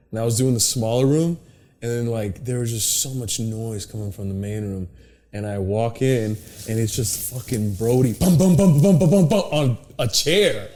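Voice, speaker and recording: Young male podcast host, mid-pitch, lively storyteller, swears, mimics people. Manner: animated storyteller, swears often, acts out quotes. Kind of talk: casual chat.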